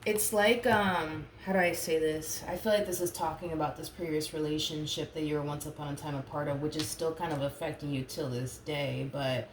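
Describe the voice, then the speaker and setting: A woman's voice: low-pitched, fairly even intonation, fairly quick, few pauses, reverberant, slight background noise. A woman giving a casual tarot reading, chatty and full of fillers, saying she does not like getting emotional. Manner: chatty, filler-heavy, reluctant to get emotional. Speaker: tarot reader.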